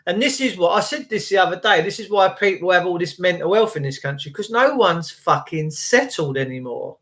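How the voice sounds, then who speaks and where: A man's voice: sits high, animated, fairly quick, fairly bright tone. A man in his fifties giving a rambling, preachy and indignant rant on his livestream. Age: 50s. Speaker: vlogger on a livestream. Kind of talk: casual ranting monologue.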